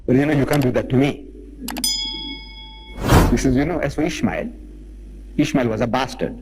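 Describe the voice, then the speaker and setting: A man giving a lecture, telling a personal anecdote in a quick, lively storytelling manner. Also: medium pitch, very noisy. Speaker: Islamic lecturer.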